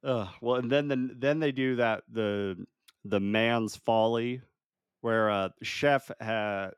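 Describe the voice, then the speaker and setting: A man's voice: medium pitch, takes it slowly, smooth, dry recording, clean studio sound. A man co-hosting a casual movie podcast, laughing often and restarting his sentences as he recounts the plot. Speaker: podcast co-host.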